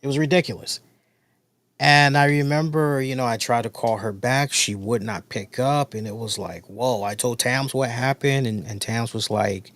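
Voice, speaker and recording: A man's voice: mid-range voice, normal speed, a bit bright, no room sound. A man hosting a wrestling review show, talking in a casual storytelling way and repeating points for emphasis.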